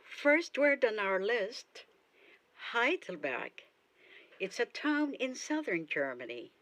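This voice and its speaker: A woman teaching basic German, speaking deliberately and repeating each word for practice. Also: a little high, very animated. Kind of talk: slow, careful language lesson.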